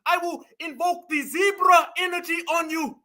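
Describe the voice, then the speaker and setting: Guy doing a loud mock tough guy, yelling threats, high and bright. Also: steady tone, moderate pace. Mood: mocking bluster. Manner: shouting, mocking exaggeration. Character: blustering man threatening animal fury.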